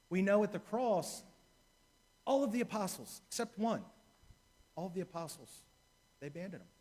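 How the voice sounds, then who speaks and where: A man's voice: high voice, lively intonation, moderate pace, long pauses, a little mellow. A man, a deacon, preaching a sermon in a church, telling a story and repeating key phrases for emphasis.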